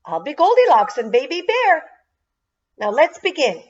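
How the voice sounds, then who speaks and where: Woman doing a bossy little preschool girl, high bright voice bouncing around. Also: huge pitch swings, unhurried, distant mic, exaggerated voice. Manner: bright, high, commanding child voice. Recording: dull lo-fi sound.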